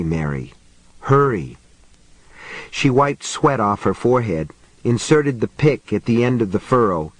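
A man giving a steady, measured reading of a horror story. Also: medium pitch, dry recording. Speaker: audiobook narrator. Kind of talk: scripted horror narration.

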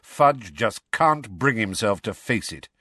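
A bitter, restless outlaw, sardonic and sharp-tongued, his pitch moving lively, as a narrator plays him. Read close and dry in an audiobook. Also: takes it slowly, slightly rough, dry recording, exaggerated voice.

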